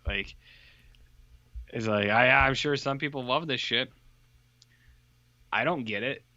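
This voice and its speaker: Bright-toned, deadpan podcast co-host man. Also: mid-range voice, slow, no room sound, lo-fi sound. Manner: rambling, deadpan storytelling. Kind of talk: casual chat.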